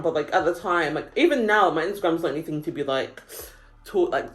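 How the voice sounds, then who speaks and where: A woman's voice: deep voice, expressive, brisk. A young woman telling a story in a casual vlog, chatty and full of fillers. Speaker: vlogger.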